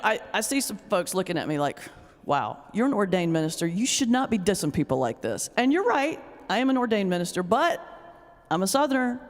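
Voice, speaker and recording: A middle-aged woman, an ordained minister giving a humorous lecture with a joking, teasing storyteller's delivery. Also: mid-range voice. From North Carolina, US South. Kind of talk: humorous lecture with stand-up comedy. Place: large hall before a live audience. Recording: long reverb of a lecture hall.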